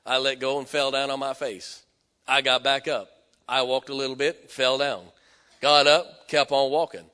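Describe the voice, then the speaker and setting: A man preaching a sermon, telling stories and swelling from hushed tones to loud exhortation. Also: mid-range voice, flat delivery, normal speed. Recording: echoey hall with long reverb.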